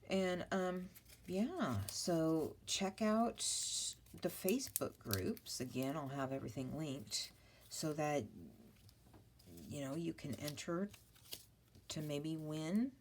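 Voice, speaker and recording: A middle-aged woman runs a papercraft vlog, chatting casually as she rambles and apologizes with self-mocking asides. She has a deep, slightly mellow voice and speaks slowly, with a little hiss or hum in the background.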